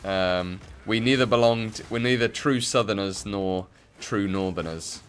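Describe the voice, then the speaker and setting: A young Englishman from the Midlands plays a game on stream, rambling casually and using lots of fillers. His voice is on the low side and unhurried, with slight background noise.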